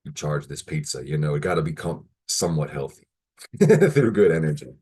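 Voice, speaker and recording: A young man with a very deep, husky voice chats to the camera between bites of food. He rambles and jokes in a loose, casual vlog style, as if he were on a video call. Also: sing-song, normal speed, warm tone. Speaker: vlogger. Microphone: camera in front of him, like a video call.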